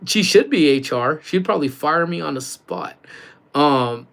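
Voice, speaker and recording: A man hosting a casual morning livestream, talking loudly with lots of laughing and joking. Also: on the high side, expressive, measured pace, vocal fry. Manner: loud, laughing, joking banter. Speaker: livestream host.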